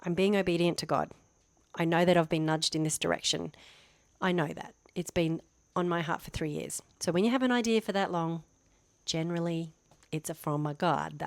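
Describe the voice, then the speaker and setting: A woman's voice: fairly low pitch, steady tone, fairly quick, dry recording. A woman in her fifties talking casually to camera, chatty and self-deprecating, rambling with restarts. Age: 50s. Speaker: vlogger.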